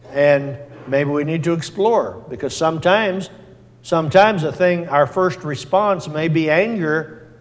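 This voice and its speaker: A man preaching a sermon in a folksy, plain-spoken way, repeating his points and working in small fillers. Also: on the high side. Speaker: pastor. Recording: long hall reverb.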